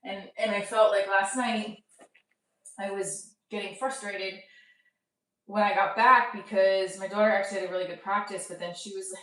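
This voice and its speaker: A woman's voice: mid-range voice, steady tone, moderate pace, fairly bright tone, recorded from a distance. Rambling, candid woman, roomy and off-mic. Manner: rambling, candid, profane, laughs at herself. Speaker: vlogger and stand-up comic. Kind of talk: casual self-talk vlog. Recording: roomy echo, voice a bit off-mic.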